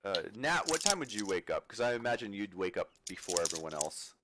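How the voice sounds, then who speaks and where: A man's voice: on the low side, big pitch swings, fairly quick, background noise. A man running a tabletop game as game master, laughing often and talking with many fillers and restarts.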